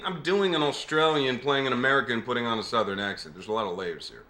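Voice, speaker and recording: A man's voice: mid-range voice, quick pace, bright, forceful tone. A man acting in a comedy sketch, playing a flustered, stammering Southern cashier who turns defensive. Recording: roomy echo.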